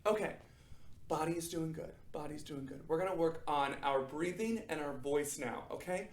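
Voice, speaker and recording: A young adult man teaching children a drama warm-up, upbeat and encouraging, checking in often. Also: fairly high pitch, normal speed, echoey room. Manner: upbeat, encouraging, frequent "okay?" check-ins. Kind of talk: guided acting warm-up for children.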